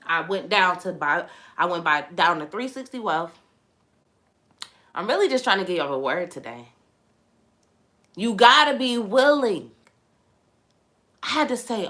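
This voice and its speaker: A young woman hosting a casual livestream chat, animated and exclamatory, talking straight to her viewers. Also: medium pitch, normal speed, long pauses. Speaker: host.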